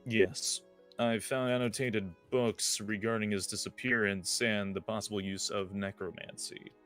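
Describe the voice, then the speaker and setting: A man's voice: on the low side, steady tone, measured pace, a bit bright, soft background music. A man playing a composed young scholar noble. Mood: formal.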